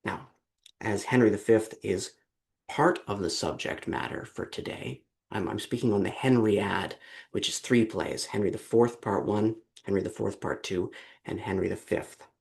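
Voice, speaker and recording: Low gravelly man giving a lecture. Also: normal speed, a little mellow. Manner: storytelling, acting out quoted lines. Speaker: seminar presenter. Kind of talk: academic lecture. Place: online seminar from home or office. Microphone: video call.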